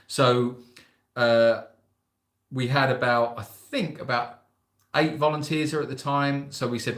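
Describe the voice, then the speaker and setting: A man's voice: mid-range voice, steady tone, a little slow, fairly bright tone. Host, man, rambling chatty storyteller, roomy echo. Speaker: sanctuary host. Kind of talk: casual livestream chat. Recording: echoey room.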